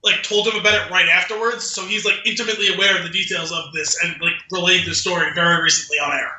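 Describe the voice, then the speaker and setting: High, bright-voiced man in a roomy space. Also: fairly even intonation, quick pace, slight background noise. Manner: rambling storyteller, dry jokes, frequent "like". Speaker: podcast co-host. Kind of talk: casual chat. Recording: roomy echo.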